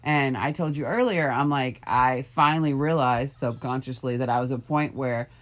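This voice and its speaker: A middle-aged woman talking gently and reflectively in a casual heart-to-heart with a friend, from her bedroom. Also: a bass voice, normal speed. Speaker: friend sharing personal story. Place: bedroom, in bed.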